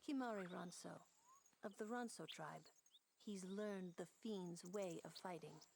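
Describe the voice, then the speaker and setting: An actress playing a calm adult woman who explains things matter-of-factly in a video game cutscene. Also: fairly low pitch, unhurried, gravelly, slight background noise.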